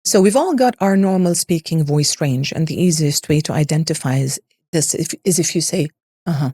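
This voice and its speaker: A woman's voice: sits low, normal speed, mellow. A woman voice coach explaining ideas in an interview, in an instructive way that uses lists and rhetorical questions. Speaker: voice and public speaking coach.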